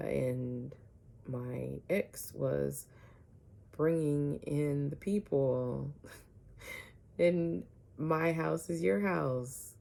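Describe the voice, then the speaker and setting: A woman vlogger telling a personal story to her viewers, animated, often asking "right?" and dropping some words to a whisper. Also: rumbling low, creaky, slight background noise.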